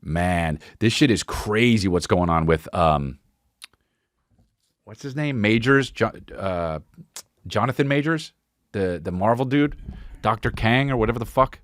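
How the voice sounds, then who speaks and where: Lively, profane man hosting a podcast. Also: lowish voice, unhurried, pauses often, no echo, clean studio sound. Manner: profane, excitable, trailing restarts. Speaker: podcast host. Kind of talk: casual comedic riffing on viral clips.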